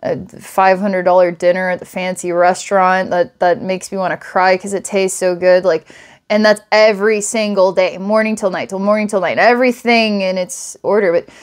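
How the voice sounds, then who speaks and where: A woman giving a channeled psychic reading, rambling and giggling often, then dropping to a soft, hushed tone. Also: normal speed. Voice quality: giggly, rambling, frequent laughs and restarts. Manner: lively and emotional, softens to a hushed low tone. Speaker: psychic reader.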